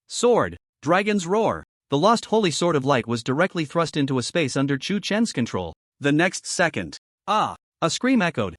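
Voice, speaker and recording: Lively male narrator, dry sound. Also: on the high side, dry recording. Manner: dramatic, expressive storytelling. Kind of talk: scripted story narration.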